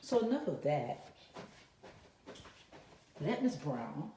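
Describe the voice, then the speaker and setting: A low, warm-toned woman's voice, very animated yet slow-paced, guides kindergartners and first graders through an online lesson with encouragement and direct questions. A little hiss or hum is audible. The classroom has an echo, and she is somewhat distant from the mic.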